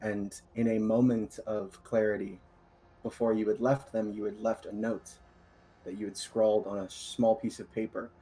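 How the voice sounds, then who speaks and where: A man narrating a tabletop game as dungeon master, in a casual, measured way with fillers. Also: on the low side, little pitch movement, warm tone.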